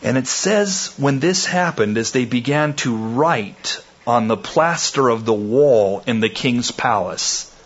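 Slow dramatic preacher, lo-fi recording. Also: male voice, medium pitch, animated, husky. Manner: dramatic, rising to loud emphatic peaks; slow, deliberate phrasing. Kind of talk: expository sermon.

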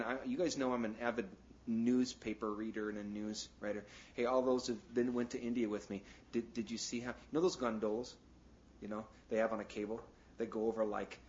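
A man's voice: on the low side, little pitch movement, fairly quick, slight background noise. A man preaching a sermon in a loose, conversational way, full of "you know" asides and jokes. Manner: breaks into jokes and acted asides. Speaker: pastor. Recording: dull, lo-fi sound.

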